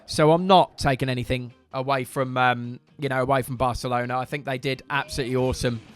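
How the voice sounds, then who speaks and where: A man casually commentating his own football video game, frank and quick to swear when frustrated. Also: mid-range voice, steady tone, soft background music. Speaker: gaming content creator. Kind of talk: casual live gameplay commentary.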